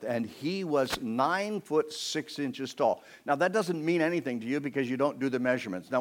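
A man preaching a sermon, telling a story with lively energy and talking straight to the congregation. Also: mid-range voice. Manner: animated storytelling, addresses the congregation.

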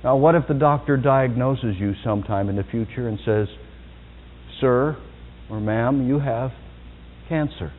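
A man preaching a sermon as pastor, swinging from soft, low asides to loud, high-pitched exhortations. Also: measured pace, pauses often, a little hiss or hum. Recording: tinny phone-like sound in a reverberant hall.

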